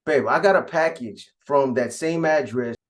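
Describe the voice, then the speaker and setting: Irate cursing girlfriend, as a male storyteller quotes her; plain voice, quick bursts. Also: mid-range voice, close to an everyday voice. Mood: angry. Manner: cursing, indignant. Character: angry woman, a prisoner's girlfriend.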